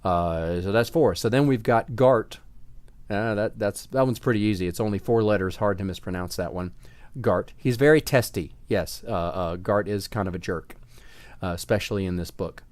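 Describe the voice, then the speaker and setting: A man who writes fantasy novels, vlogging in a relaxed, chatty way with many fillers and a slight Southern US accent. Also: on the low side, moderate pace, dry recording. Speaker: author vlogging about his books. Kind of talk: casual vlog talk.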